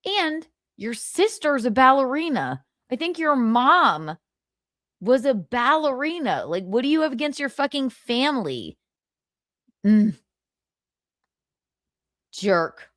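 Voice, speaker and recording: Female stream host, slow, animated, snarky and foul-mouthed; dry close mic. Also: high voice, no room sound. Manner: sarcastic, profane ranting. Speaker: livestream host. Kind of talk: casual gossip commentary.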